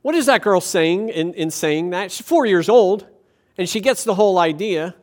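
Male pastor, higher-pitched voice; sermon delivery with light humor and rhetorical questions. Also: expressive, moderate pace. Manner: asks the congregation rhetorical questions; tells anecdotes with light humor.

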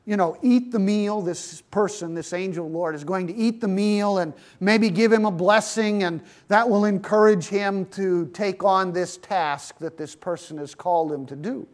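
High-voiced guy preaching slow, telling a bible story to his church. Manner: storytelling, addresses listeners as friends. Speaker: pastor. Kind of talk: sermon.

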